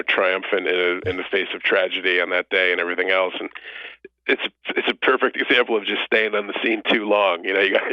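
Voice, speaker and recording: A man with a lowish voice chats as a guest on a podcast, animated and sarcastic, laughing through his points. The sound is dry and muffled, like a lo-fi call line. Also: no echo. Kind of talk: casual chat.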